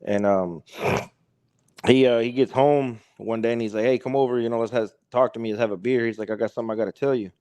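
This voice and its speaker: A man's voice: mid-range voice, fairly even intonation, quick pace, mellow, smooth, no room sound. Man rambling through a story, dry sound. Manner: rambling, repeats "he's like" and "he goes". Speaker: podcast guest. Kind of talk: casual storytelling.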